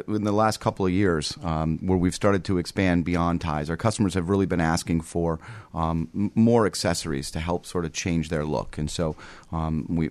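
A man speaking as a business guest in a radio interview, measured and businesslike, with frequent "um" fillers. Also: low voice, dry recording. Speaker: company executive, guest. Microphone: studio microphone with headset.

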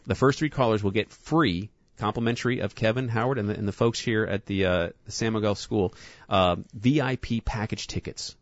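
A man with a New York accent and a fairly low voice hosts a radio show at a moderate pace, chatting casually while joking with and teasing his guests and callers. The dry studio-microphone recording has no echo and sounds slightly muffled.

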